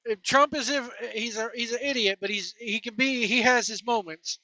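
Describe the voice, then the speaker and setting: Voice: medium pitch, moderate pace, bright, forceful tone, no room sound, dull audio. A wrestling commentary host delivering a blunt, scornful opinionated rant full of name-calling.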